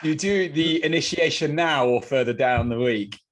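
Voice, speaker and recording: A man's voice: on the high side, a little hiss or hum. Upbeat man hosting a sports show. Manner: brisk, upbeat questioning. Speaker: podcast host. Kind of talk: presenting a sports chat show.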